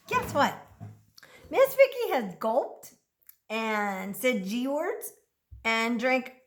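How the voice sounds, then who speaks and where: A woman with a very high, bouncy voice leads a children's speech lesson, coaxing and praising as she slowly stretches out each prompt. Her unhurried delivery rings in an echoey room. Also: slight background noise. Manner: animated, encouraging, slow over-articulated prompts.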